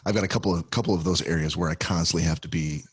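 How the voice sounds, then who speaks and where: A man's voice: low-pitched, racing, husky, no echo. A middle-aged man from Michigan, a podcast guest chatting casually and wryly about his household. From Michigan, USA. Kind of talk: casual chat.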